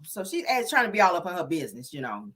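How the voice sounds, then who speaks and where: A woman's voice: on the low side, very animated, fast, a bit bright. A woman retelling a reality show in a casual, sassy way, full of slang and laughter. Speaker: show recap host.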